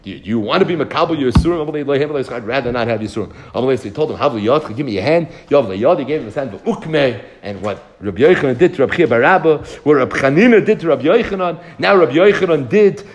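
Fast-talking man teaching Talmud. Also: medium pitch. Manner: rapid, mixes Hebrew and Aramaic phrases with English explanations; retells dialogue with animated voice swings. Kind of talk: daf yomi lecture.

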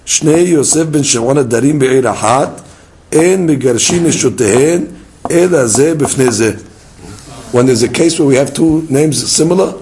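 On a low-quality recording, the Talmud teacher speaks a little slowly at medium pitch. He stays lively, staging small dialogues and peppering listeners with rhetorical questions.

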